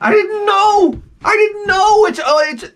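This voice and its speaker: A man's voice: very high voice, pitched above the performer's own voice, exaggerated voice. A man doing a wailing woman pleading ignorance. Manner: crying shout, drawn-out pleading. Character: wailing woman pleading she didn't know.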